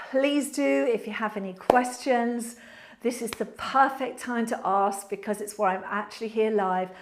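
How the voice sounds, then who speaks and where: Pilates lady on a live stream, a bit high-voiced, cheery and breathless. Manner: cheerful, encouraging cues. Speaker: pilates instructor. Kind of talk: live-streamed workout instruction.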